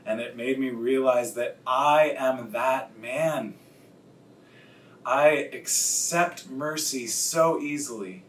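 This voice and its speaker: A man, a pastor, preaching a sermon in an earnest, confessional way and slowing down to stress key words. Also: a bit bright. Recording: echoey room, distant mic, faint rumble.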